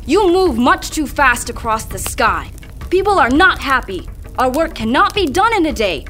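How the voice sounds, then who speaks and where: A woman voicing a bold, defiant young male demigod who speaks slowly and loudly. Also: on the high side, lively intonation, slight background noise. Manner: loud, slow and declaring.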